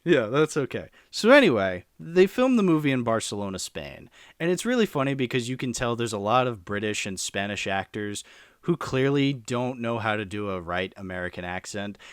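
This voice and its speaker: A man's voice: mid-range voice, big pitch swings, normal speed, clear, resonant tone, no room sound, studio quality. A man in a casual podcast chat, rambling animatedly through a film's plot with lots of fillers. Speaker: podcast co-host reviewing a film.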